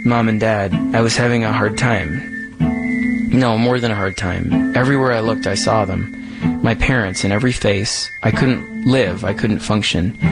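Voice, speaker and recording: A man's voice: on the low side, lightly acted, rough recording. A man reading the lines of a brooding young billionaire in his twenties, earnest and intense, with music underneath.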